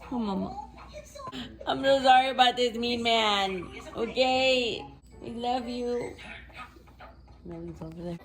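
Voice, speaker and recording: A woman's voice: a little high, steady tone, slow pace, a bit bright. A woman vlogging family life at home, often cooing in a sing-song voice at her baby and pets. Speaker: vlogger mother. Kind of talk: casual family vlog chat. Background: background music.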